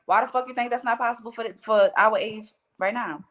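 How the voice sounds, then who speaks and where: A woman's voice: fairly high pitch, steady tone, brisk, a crowd in the background. A woman with a New Orleans accent, a podcast guest telling stories in casual chat, blunt and full of cursing. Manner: blunt, profane storytelling.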